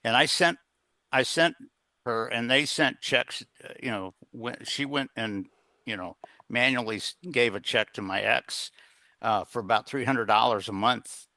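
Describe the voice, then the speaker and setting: A man's voice: mid-range voice, measured pace, pushed and bright, no echo. A middle-aged man telling a personal story as a guest in an interview, rambling, with plenty of fillers and restarts. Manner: earnest, plain-spoken. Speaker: guest, executive coach.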